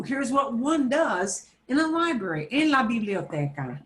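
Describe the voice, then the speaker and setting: A woman's voice: on the high side, sing-song, unhurried, a bit bright. A woman teaching a beginner Spanish lesson, explaining patiently step by step and mixing Spanish phrases into her English.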